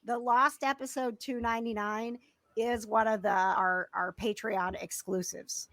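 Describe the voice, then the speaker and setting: A woman from the Midwest with a Midwestern American accent, hosting a podcast in casual chat, bubbly and quick to laugh. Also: fairly high pitch, fairly even intonation, a bit bright, dry recording. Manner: bubbly, laughs often, talks up the show. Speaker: podcast host.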